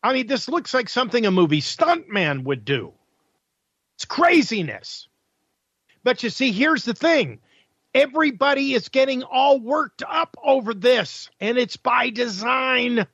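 A man's voice: extremely high pitch, big pitch swings, a little slow, fairly bright tone, husky, no echo, lo-fi sound. A male talk radio host delivering an opinionated, combative monologue full of sarcasm and rhetorical questions.

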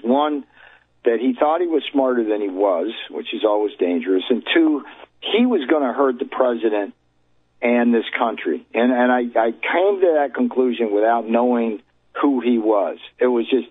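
A husky man speaks as a guest author over a thin, tinny telephone line. He tells his account emphatically and combatively, landing each point hard. The sound is dry and close. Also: medium pitch, no echo. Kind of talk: phone-in interview.

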